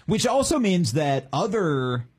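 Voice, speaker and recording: Male podcast co-host, husky lower voice, very lively pitch, jokey. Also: a little slow. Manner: expressive, jokey, swoops in pitch. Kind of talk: casual chat.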